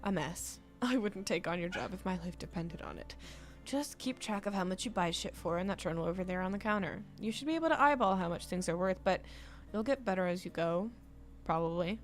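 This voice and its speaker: A streamer voicing a gruff, grumpy young male shopkeeper in a curt, blunt manner, with faint game music behind. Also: animated, fairly quick, natural voice. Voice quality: lowered, blunt, curt delivery.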